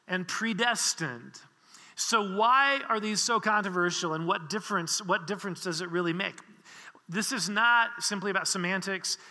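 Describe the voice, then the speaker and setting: A man's voice: high-pitched, pushed and bright, big-room sound. A man preaching a sermon, explaining with earnest teaching and frequent restarts. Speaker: pastor.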